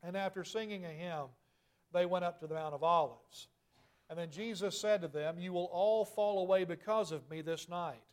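A man preaching a sermon, reading scripture aloud and explaining it earnestly, growing louder and higher at emphatic moments. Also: moderate pace. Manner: rises in pitch and volume at emphatic points.

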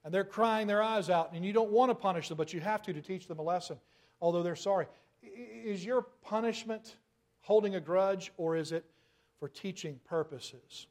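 A male preacher delivering a sermon in a high voice. He keeps asking rhetorical questions and leans hard on his key words, getting louder on them. His tone is emphatic and insistent. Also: moderate pace.

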